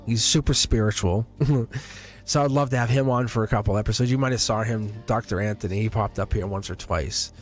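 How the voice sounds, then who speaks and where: A man's voice: on the low side, brisk, faint music behind. Rambling, earnest man hosting live tarot. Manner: rambling and earnest, with many fillers and restarts; laughs often between thoughts. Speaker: tarot reader hosting a livestream. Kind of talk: casual livestream chat.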